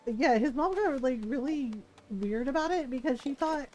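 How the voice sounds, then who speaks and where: High-voiced woman telling animated stories. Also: moderate pace, faint music behind. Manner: animated storyteller who laughs often and acts out quotes. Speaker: livestreamer. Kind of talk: casual storytelling while streaming a game.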